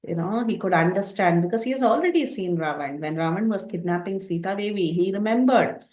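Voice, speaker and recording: A woman's voice: medium pitch, animated, brisk, a little mellow. Woman retelling scripture, echoey room. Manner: explanatory, digressive retelling. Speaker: scripture teacher. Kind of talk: scriptural storytelling class.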